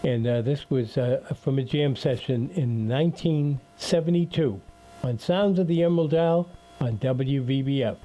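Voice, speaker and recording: An older man hosting a local radio show, talking casually with frequent pauses and restarts. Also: mid-range voice, mellow. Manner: rambling, with many uhs and restarts. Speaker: radio host.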